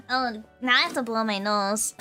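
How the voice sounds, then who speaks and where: Soft background music accompanies this young woman's fairly high, unhurried voice as she streams a laid-back chat. Bubbly and giggly, she works through viewer comments with playful energy, frequently breaking into laughter.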